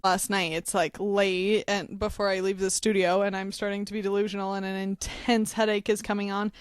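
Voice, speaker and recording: A woman's voice: mid-range voice, flat delivery, brisk, clear, resonant tone, dry recording, studio quality. A young woman co-hosting a podcast in casual chat. She is giggly and playful and slips into silly voices. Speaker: podcast co-host.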